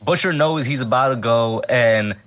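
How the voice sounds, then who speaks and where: A man in a casual podcast chat, relaxed and rambling, using "like" a lot. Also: medium pitch, moderate pace, faint music behind. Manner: relaxed, uses "like" a lot, says "bro". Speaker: podcast panelist.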